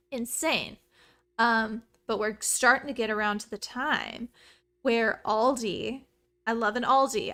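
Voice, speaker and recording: Host casting: a bubbly woman gamer chatting over gameplay, bright, slightly high voice. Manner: chatty, excitable, rambling asides. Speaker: streamer. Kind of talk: let's play commentary.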